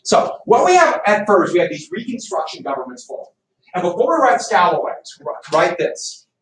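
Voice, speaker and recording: A man's voice: sits high, very animated, moderate pace, fairly bright tone. A male history teacher lecturing a class in a chatty, teasing way. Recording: echoey classroom from far off, faint noise.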